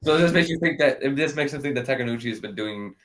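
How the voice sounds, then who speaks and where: Male podcast co-host, mid-pitched, very animated delivery, jumps into squeaky character voices. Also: fast talker. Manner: acts out characters' lines in loud squeaky voices. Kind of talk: casual anime recap chat.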